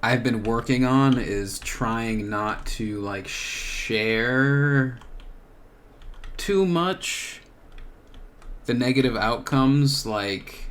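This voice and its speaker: A young man hosting a solo podcast, thinking out loud in a searching, rambling way with many filler words. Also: medium pitch, extremely slow. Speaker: podcast host. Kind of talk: reflective solo monologue.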